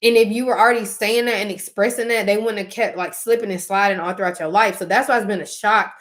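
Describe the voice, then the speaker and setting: A woman's voice: medium pitch, steady tone, fast talker. A woman in her thirties speaks straight to her viewers in a casual, candid chat. She is emphatic and blunt, leans on "like" as she goes, and breaks into laughter now and then. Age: 30s. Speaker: vlogger talking to her viewers.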